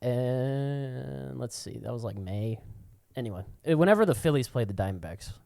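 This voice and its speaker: Brief: male podcast co-host, middle pitch, foul-mouthed rant, dry close sound. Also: expressive, normal speed, gravelly, darkish tone, no echo. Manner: profane, ranting storyteller. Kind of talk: casual podcast chat.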